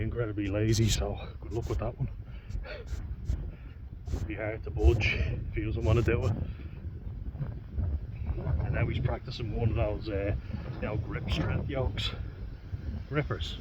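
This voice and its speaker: A man chatting to camera while out on a walk, casual, self-mocking and quick to swear and laugh. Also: fairly low pitch, steady tone. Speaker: vlogger. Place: outdoors on a country walk. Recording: dull lo-fi sound with wind noise outdoors.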